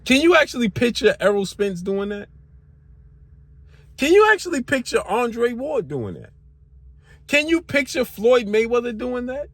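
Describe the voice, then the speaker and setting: A man's voice: very high-pitched, big pitch swings, a little slow, long pauses, a bit bright, dry recording. A man hosting a sports channel, firing off rhetorical questions in a heated, slangy boxing commentary rant. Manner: slangy casual speech.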